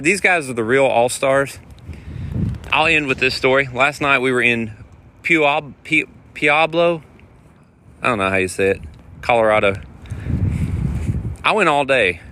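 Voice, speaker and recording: A man, a touring guitar player, telling road stories in a rambling, animated way while walking outdoors. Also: mid-range voice, measured pace, long pauses. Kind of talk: casual vlog storytelling. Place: outdoors on city streets. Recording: outdoor street noise and wind.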